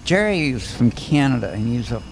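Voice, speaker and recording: A man's voice: mid-range voice, big pitch swings, a little fast, creaky. A man who trains animals, talking earnestly in a casual commentary chat and explaining things in stops and restarts.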